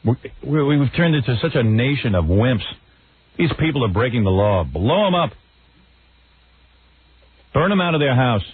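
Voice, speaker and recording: A man's voice: mid-range voice, sing-song, normal speed, long pauses, husky, dry recording. A man hosting a radio talk show, talking in a blunt, brash and mocking way. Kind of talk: provocative radio banter. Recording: tinny lo-fi radio broadcast.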